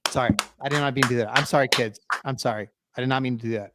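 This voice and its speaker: A middle-aged man co-hosting a sports podcast, ranting in an exasperated, animated way. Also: mid-range voice, rapid-fire, heavy background noise. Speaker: podcast co-host. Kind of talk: heated sports podcast rant.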